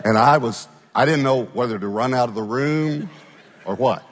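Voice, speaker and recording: A man's voice: medium pitch, normal speed, in a large hall. A male pastor telling a story in a sermon, talking conversationally and often checking in with his listeners.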